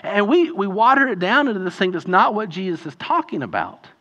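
A man preaching a sermon in a conversational, animated way, often acting out quoted voices. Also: high-pitched, brisk, dull audio. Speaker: pastor.

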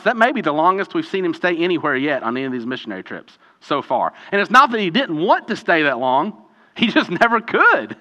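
A man's voice: on the high side, sharp tone. A man leading a group Bible study in an informal, conversational way, putting questions to the group. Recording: dull lo-fi audio with long room reverb.

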